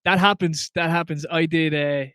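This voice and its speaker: A man with an Irish accent hosting a podcast, telling stories in a casual, self-deprecating, animated way. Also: a little high, normal speed, clear, resonant tone, dry recording, studio quality. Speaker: podcast host. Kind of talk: casual chat.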